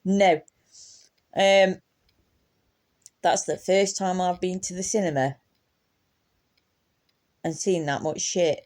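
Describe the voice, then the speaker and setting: A woman's voice: fairly low pitch, slow, pauses often, darkish tone. A young woman tells a casual storytime anecdote, laughing often and swearing freely. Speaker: vlogger.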